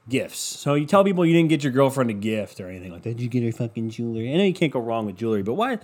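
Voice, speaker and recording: A man's voice: medium pitch, very animated, fast talker, darkish tone, breathy edge. A man rambling through a casual solo monologue at home, swearing often and putting himself down. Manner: rambling, profane, self-deprecating.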